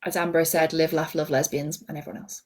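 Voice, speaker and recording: Indoors at a shared table, a podcast co-host, a young woman with a low, level voice, reads listener comments fast on a live stream. She's easily amused and giggles through them.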